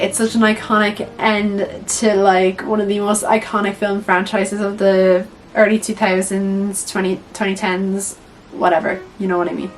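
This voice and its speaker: A woman's voice: mid-range voice, rough recording. A young woman, chatting casually through a film tier list, full of "like" and swearing freely. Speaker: vlogger reviewing films.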